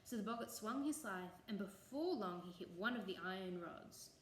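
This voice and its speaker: A woman telling a traditional folk tale in an expressive, lilting storytelling way. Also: mid-range voice, moderate pace, slight background noise. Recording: echoey room, faint ambience.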